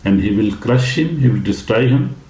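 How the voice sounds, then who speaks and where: A man preaching a sermon as a pastor, slow and halting, with frequent fillers and restarts. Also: medium pitch, lively intonation, a little mellow, echoey room, poor audio.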